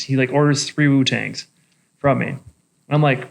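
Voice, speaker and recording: A man, a bartender, telling a bar story in casual chat, profane and animated. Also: mid-range voice, brisk, vocal fry. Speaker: bartender and podcast co-host.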